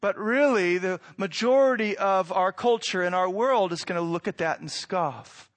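A man giving a sermon as pastor, preaching in a conversational way, asking rhetorical questions and moving between quiet and loud passages. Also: high-pitched, normal speed.

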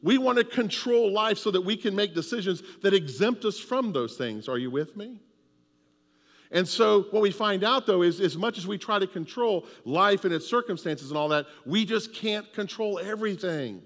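A man's voice: high-pitched, animated, normal speed, a bit bright, big-room sound. A man preaching a sermon with an emphatic, repetitive cadence. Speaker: pastor.

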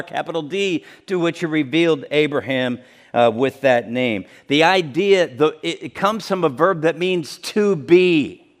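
A man delivering a sermon from the pulpit, earnest and emphatic. His voice sits a little on the high side for a man. He repeats key words and restarts sentences as he works through the passage. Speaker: pastor.

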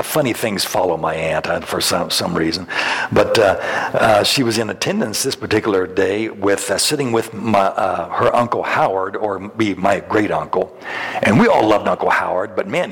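A man's voice: fairly low pitch, creaky, a bit bright, husky. A middle-aged man preaching a sermon, telling folksy stories with chuckles and frequent restarts. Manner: folksy, chuckles through anecdotes, many restarts. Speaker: pastor. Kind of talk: sermon with storytelling. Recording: long hall reverb.

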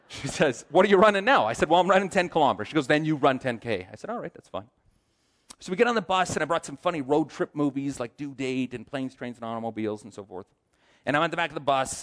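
A man telling a personal testimony as a sermon, acting out the voices of the people in his story. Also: fairly high pitch. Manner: animated storyteller, acts out quoted voices. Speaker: aspiring chaplain giving a testimony.

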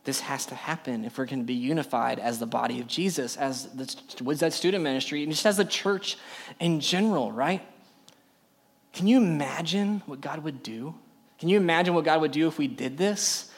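Man preaching, slightly high voice, emphatic, young adult youth pastor. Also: normal speed. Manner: emphatic preaching with rhetorical questions to the audience. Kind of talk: sermon.

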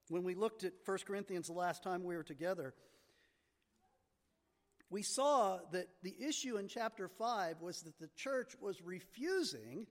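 A man with a high voice preaches a sermon and hits his key words hard. His voice rings out in the long reverb of a church sanctuary. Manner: emphatic teaching, stressing key words. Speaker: pastor. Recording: long reverb of a large hall.

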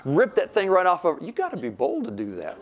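A man's voice: sits high, huge pitch swings, a little fast. An older man preaching, telling a story animatedly and acting out the voices he quotes. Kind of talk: sermon storytelling.

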